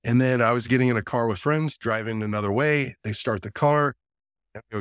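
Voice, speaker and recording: Here a man guesting on a podcast tells something that happened to him, earnest and casual, bringing quoted people to life in animated voices. He talks briskly at medium pitch, captured in echo-free studio quality.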